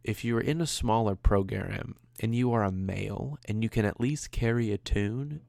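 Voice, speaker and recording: A man's voice: fairly low pitch, moderate pace, gravelly, darkish tone, no room sound, clean studio sound. A man hosting his own podcast, rambling casually and conversationally, with a self-deprecating streak. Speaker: podcast host. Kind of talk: casual solo podcast chat.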